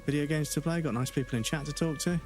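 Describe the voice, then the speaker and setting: A man's voice: a little high, fast talker, faint music behind. A young man chatting casually and swearing freely while livestreaming a video game, with lots of fillers. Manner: chatty, profane, with laughs and fillers. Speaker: streamer. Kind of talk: casual gaming livestream commentary.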